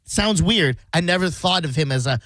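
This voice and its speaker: Male co-host, casual reactive chat, fairly high voice, dry studio sound. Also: animated, moderate pace, a bit bright, no echo. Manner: reactive, laughs along. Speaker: radio co-host. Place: radio studio.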